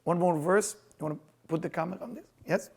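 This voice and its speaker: A man teaching Kabbalah in an animated lecture, emphatic and excitable in English. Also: sits high, a little fast, breathy edge. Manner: excitable, emphatic, non-native English with Hebrew phrases.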